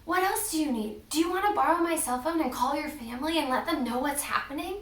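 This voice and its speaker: Woman doing a kind, reassuring helper guy, high and echoey. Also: fast talker, distant mic. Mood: caring. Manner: warm, reassuring. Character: kind, generous helpful man.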